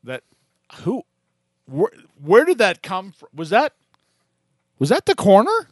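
A man hosting a radio show, chatting casually in a jokey, animated way and laughing often. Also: high-pitched, a little slow, no echo, clean studio sound. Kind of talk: casual on-air chat.

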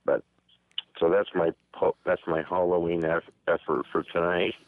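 An older man reading a poem aloud at an open-mic call, slow and dramatic, with hesitant asides. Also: low voice, level tone, no echo. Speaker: poetry reader. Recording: dry phone-line audio.

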